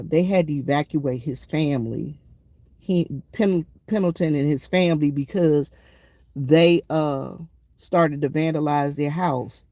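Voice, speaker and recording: A woman's voice: deep voice, dark tone, no room sound. A woman veteran speaking to her viewers in a casual, emphatic storytelling monologue, often calling them y'all. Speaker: military veteran vlogger.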